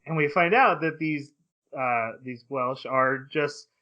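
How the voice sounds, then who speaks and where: A man's voice: a little high, slow pace, sharp tone. Man, podcast host, casual plot recap, lots of um and uh, slightly dull lo-fi sound. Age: adult. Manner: recaps the plot at length with fillers and playful paraphrased quotes. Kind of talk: casual anime discussion podcast.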